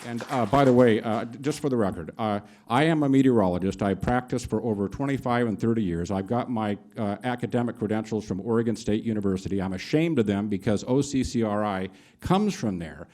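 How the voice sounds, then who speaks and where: A man's voice: fairly low pitch, fairly quick, darkish tone. A middle-aged man giving indignant, emphatic public testimony in a county board meeting room. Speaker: public commenter.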